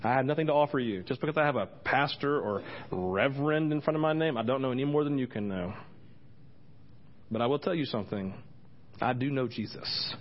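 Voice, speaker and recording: A man's voice: medium pitch, a little fast. A man preaching a sermon as a pastor and praying aloud, earnest and rambling, often breaking off mid-sentence to start again. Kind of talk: sermon with spoken prayer. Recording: dull lo-fi recording.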